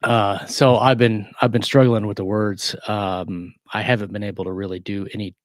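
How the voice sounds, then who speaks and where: A gruff, hoarse man co-hosts a casual live-stream chat, his voice low and worn down by illness. He rambles loosely with many fillers, heard close and dry. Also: little pitch movement, normal speed, dry recording. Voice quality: gruff, deep. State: hoarse from bronchitis. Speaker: co-host.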